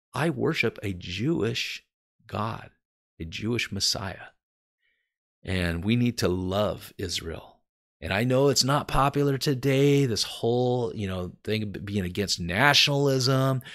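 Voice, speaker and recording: A man's voice: on the low side, gravelly, fairly bright tone. An American man teaching from the Bible in an earnest, emphatic way, speaking straight to his viewers. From United States.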